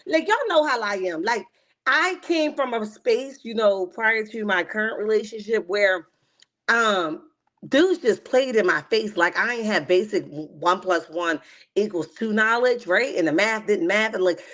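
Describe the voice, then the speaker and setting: A woman hosting a casual reality TV recap livestream, animated and slangy, often laughing and calling her viewers "honey.". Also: mid-range voice, measured pace. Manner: slangy and emphatic.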